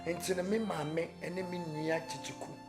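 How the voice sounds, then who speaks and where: A man's voice: on the high side, steady tone, normal speed, lightly acted. An actor with a Ghanaian accent playing a worried married man pressured by his mother, talking earnestly over a music bed. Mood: troubled. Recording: music bed under dialogue.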